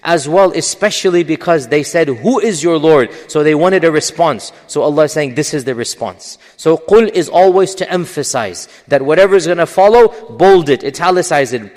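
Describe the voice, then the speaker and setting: A man's voice: a little high, a little mellow. Emphatic male lecturer in a reverberant hall. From English-speaking. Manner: explanatory, emphatic, frequent fillers. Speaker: Islamic lecturer. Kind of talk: religious lecture.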